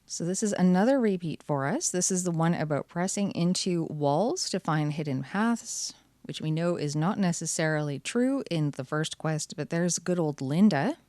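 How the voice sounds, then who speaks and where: A woman's voice: on the low side, animated, normal speed, warm tone, no room sound. Chatty woman opening card packs. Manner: chatty, cheerful, wry asides. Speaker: channel host. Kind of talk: casual card-opening commentary.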